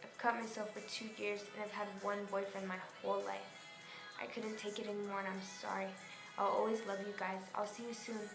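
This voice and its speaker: A woman voicing a despairing teenage girl who speaks in a halting, apologetic way. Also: medium pitch, level tone, vocal fry, reverberant, music in the background, lightly acted. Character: despairing teen girl recording a goodbye.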